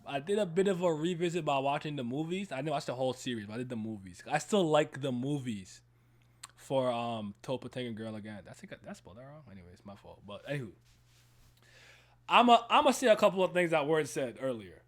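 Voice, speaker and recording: A young man co-hosting a casual stream, hyped and excitable, with loud bursts, frequent laughs and free swearing. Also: mid-range voice, a little fast. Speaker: stream co-host.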